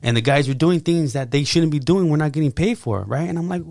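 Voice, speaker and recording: Gravelly man telling his story. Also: a little high, fairly quick, no echo, studio quality. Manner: animated, acts out his own quotes loudly. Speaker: podcast guest. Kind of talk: casual testimony.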